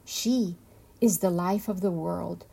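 A woman voicing a calm, wise old female turtle in a storybook reading, speaking softly and slowly. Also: lowish voice, creaky, husky, exaggerated voice. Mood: serene. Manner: slow, soft and measured.

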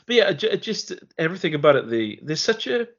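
A man's voice: on the high side, very animated, brisk, highs cut off. A man co-hosting a film podcast in a casual, rambling way, often repeating words and laughing as he talks. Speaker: podcast co-host.

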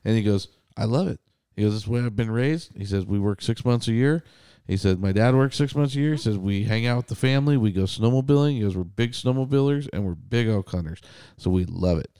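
A man's voice: lowish voice, expressive, brisk, warm tone, clear, resonant tone, no echo, clean studio sound. A man in his thirties, a podcast co-host and contractor, telling a story in casual chat, quoting others and swearing freely.

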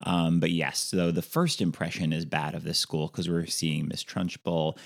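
A man's voice: sits low, steady tone, normal speed, creaky. A man casually recapping a movie plot with enthusiasm and fillers. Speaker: podcast co-host.

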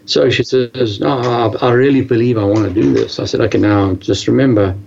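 Gravelly man telling a story. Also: medium pitch, lo-fi sound, background noise. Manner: animated, halting with many restarts. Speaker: guest telling his story. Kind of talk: casual storytelling.

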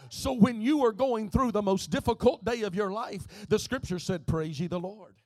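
A man preaching a sermon as pastor, moving between quiet speech and shouted, half-sung lines. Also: high-pitched, normal speed, dry recording. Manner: preaching, swings from soft to shouting and half-singing.

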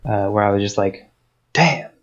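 A man co-hosting a casual podcast, talking in a relaxed way and trailing off with fillers. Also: on the low side, moderate pace. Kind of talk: casual chat.

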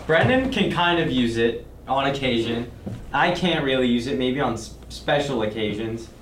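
A man's voice: mid-range voice, expressive, moderate pace. A young man co-hosting a podcast, laying down joking, mock-serious rules. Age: young adult. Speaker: podcast co-host. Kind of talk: casual podcast chat. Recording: roomy, distant mic with noise.

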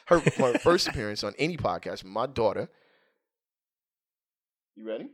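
A man co-hosting a podcast, telling a comic story in a casual, animated way. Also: lowish voice, normal speed. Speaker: podcast co-host. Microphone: headphones and studio microphone.

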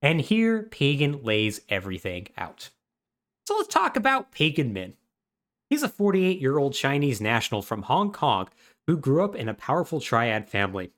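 A man's voice: medium pitch, huge pitch swings, normal speed, fairly bright tone. A man co-hosting a podcast, casually retelling a story with wry humor and lots of fillers. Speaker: podcast co-host. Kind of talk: casual chat recapping a video game plot.

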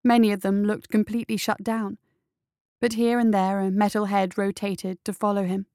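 A woman's voice: medium pitch, flat delivery, a little mellow, no echo. Woman reading a story in a dry, close voice. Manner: measured, deliberate reading. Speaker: story reader. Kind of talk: scripted narration of a fantasy story.

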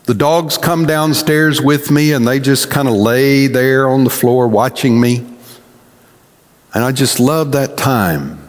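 A man preaching a sermon as pastor, telling stories in an animated, folksy way. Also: mid-range voice, takes it slowly, big-room sound.

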